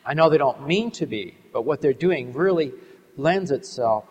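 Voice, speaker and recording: A middle-aged man preaching to an audience, telling a story in an earnest, measured way and slowing down to stress key words. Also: medium pitch, lively intonation, a little mellow. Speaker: Christian ministry speaker. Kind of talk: sermon with a storytelling testimony. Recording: long hall reverb.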